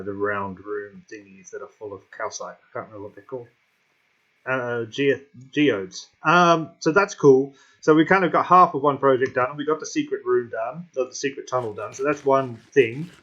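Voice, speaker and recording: A man's voice: mid-range voice, a bit bright. Rambling man, hiccuping, dull audio. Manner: rambling, thinks aloud with many fillers. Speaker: gameplay commentator. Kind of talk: casual gameplay commentary.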